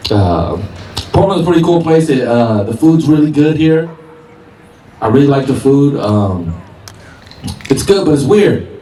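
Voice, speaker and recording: Animated man doing stand-up outdoors. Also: a little high. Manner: animated, laughs through punchlines. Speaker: stand-up comedian. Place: outdoor park stage. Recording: roomy open-air sound from far mic with noise.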